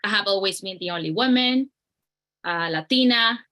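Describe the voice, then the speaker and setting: A woman with a bright, forceful tone opens her talk to the audience. She sounds friendly, with some hesitation as she settles in. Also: mid-range voice, normal speed. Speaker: speaker. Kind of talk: personal story talk.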